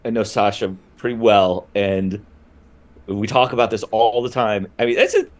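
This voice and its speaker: A man's voice: fairly low pitch, fairly even intonation, moderate pace. A man guesting on a podcast, chatting casually and enthusiastically with lots of filler words, his thoughts running on. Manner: rambling, enthusiastic, many "like" fillers. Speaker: guest, writer and comedian.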